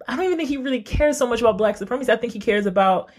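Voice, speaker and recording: A man's voice: very high-pitched, rapid-fire. A man co-hosting a casual podcast chat, rambling with many restarts. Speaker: podcast co-host.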